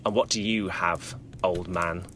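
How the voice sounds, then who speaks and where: A man's voice: sits low, steady tone, a little slow, pushed and bright, a little hiss or hum. A man voicing a menacing horned Krampus disguised as a townsman, purring and taunting. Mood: sly.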